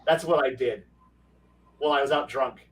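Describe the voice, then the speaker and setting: A man's voice: medium pitch, moderate pace. Laughing storyteller man, distant mic. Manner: rambling storyteller who acts out quotes and laughs a lot, swears freely. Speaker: game master. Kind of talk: casual chat on a livestream.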